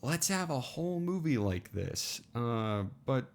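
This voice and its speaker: A man's voice: medium pitch, big pitch swings, unhurried. A young man co-hosting a podcast, chatting casually about a film and rambling with many restarts. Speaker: podcast co-host. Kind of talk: casual film review chat.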